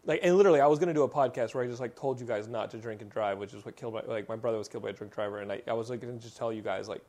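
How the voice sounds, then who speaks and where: A man's voice: medium pitch, rapid-fire, darkish tone. A man in his thirties from Texas, hosting a podcast and telling long, rambling stories full of fillers. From Texas, USA. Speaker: podcast host. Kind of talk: casual podcast chat.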